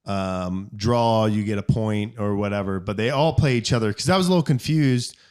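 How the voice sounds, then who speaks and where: A man's voice: lowish voice, normal speed, a little mellow, clear, resonant tone. A man co-hosting a casual podcast, telling rambling stories and mimicking other people's voices as he goes. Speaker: podcast co-host. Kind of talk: casual chat.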